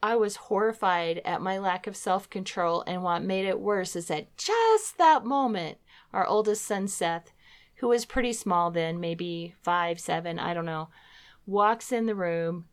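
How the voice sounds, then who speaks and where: A woman's voice: lowish voice, animated, measured pace, smooth. A middle-aged woman co-hosting a faith talk program, sharing a personal testimony in an earnest storytelling manner. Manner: earnest storytelling, acting out her own past words. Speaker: co-host of a Christian talk program.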